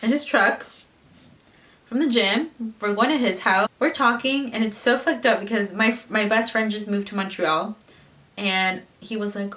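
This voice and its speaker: A young woman in her twenties talks casually to her camera, swearing freely and putting on the voices of the people in her story. Her voice sits at a middling pitch and sounds a little distant from the mic. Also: unhurried, fairly bright tone. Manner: chatty, swearing, mimics others in quotes. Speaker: vlogger.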